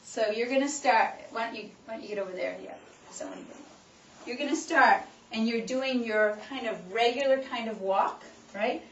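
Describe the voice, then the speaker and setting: A woman chiropractor gives a lively exercise lesson, coaching and urging her audience as she demonstrates. Her voice sits a little high and reaches the mic from a distance. The room is echoey, the sound is muffled, and there is a faint hiss behind her. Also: normal speed. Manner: coaching and cheering listeners on, demonstrating as she talks. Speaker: chiropractor giving a health talk. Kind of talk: animated instructional talk to a group.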